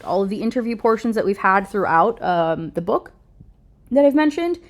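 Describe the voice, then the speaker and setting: A woman's voice: mid-range voice, a little mellow. A woman talking casually as she reviews a book, recapping the plot in a chatty way with lots of "like".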